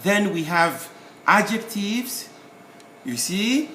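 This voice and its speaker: Slow, lively-voiced man teaching spelling. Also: high-pitched, slight background noise. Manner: slow, deliberate, explains word by word with pauses. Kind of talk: recorded spelling lesson. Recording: roomy echo, faint ambience.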